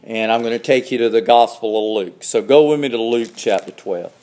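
A man preaching a sermon, slow and emphatic, climbing higher when he presses a point. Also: warm tone, slight background noise.

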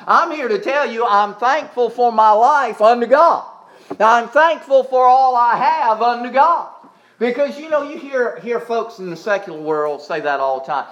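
A man's voice: very high voice, animated, moderate pace, a bit bright, highs cut off. A man preaching a sermon in a church service, with emphatic repetition, Bible reading and a spoken prayer, asking the congregation to repeat after him. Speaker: pastor.

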